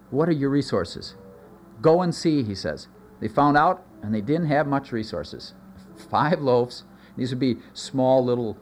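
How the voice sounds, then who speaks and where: A man preaching a sermon as a pastor, earnest, his voice rising for emphasis and dropping low in asides. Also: a little hiss or hum.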